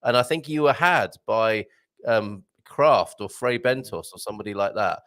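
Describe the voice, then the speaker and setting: A man's voice: on the low side, moderate pace. An English man hosting a live chat show, joking and laughing often. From England. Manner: jokey, animated, laughs often. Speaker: host.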